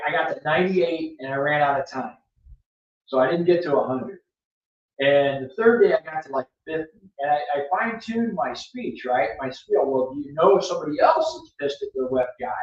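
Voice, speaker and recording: A man with a somewhat high voice tells a story in a blunt, emphatic way, often restarting his sentences. He sits back from the microphone, so the voice sounds distant and roomy. The sound is a bit dull. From Florida. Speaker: podcast host. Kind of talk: casual storytelling chat. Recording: echoey room, off-mic, dull sound.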